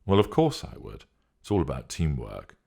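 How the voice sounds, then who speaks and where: A man's voice: very deep voice, huge pitch swings, normal speed, vocal fry, warm tone, slightly rough, heavily acted. A man reading a story, voicing a worried, protective man asking earnest questions on the phone. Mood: concerned.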